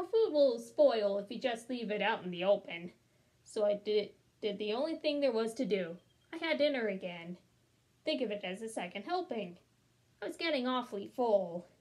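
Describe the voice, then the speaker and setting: Wry, confiding storybook wolf, male, read by a woman, a bit high-pitched. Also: darkish tone, natural voice. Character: smooth-talking male wolf defending himself. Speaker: storybook reader. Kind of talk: children's read-aloud.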